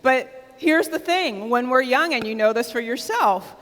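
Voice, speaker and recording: An American woman giving a conference keynote, energetic and loud, calling on the audience to shout out answers. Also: high voice, measured pace, a little hiss or hum. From United States. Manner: energetic, talks with the audience, asks them to shout out; loud and excitable, close to shouting. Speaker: keynote speaker. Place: large conference hall with a live audience. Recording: live hall with long reverb.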